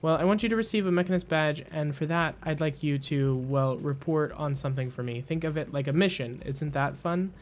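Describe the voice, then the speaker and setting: A twitchy young mechanist who trips over every word in a rush to get them out, as a man puts him on. The voice sits a little high and the sentences tumble with restarts and nervous stutters. There is a faint hiss of ambience in the background. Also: lightly acted. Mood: nervous, eager. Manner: stammering, rushed, over-eager.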